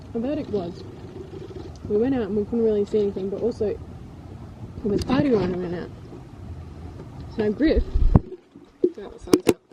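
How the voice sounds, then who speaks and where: A woman chatting casually to a handheld camera as a travel vlogger, upbeat and quick to laugh. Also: on the high side, muffled recording, noisy background. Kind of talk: casual vlog chat.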